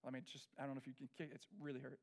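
A middle-aged pastor telling a personal story in a sermon, candid and animated, dropping to soft confessional tones. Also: male voice, medium pitch, racing.

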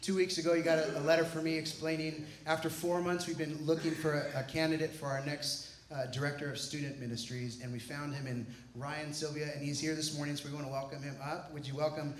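A man's voice: a little high, level tone, fast, slight background noise. A pastor with a slightly raised voice, playful and teasing as he introduces someone from the stage. The sound rings through an echoey sanctuary. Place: large church sanctuary.

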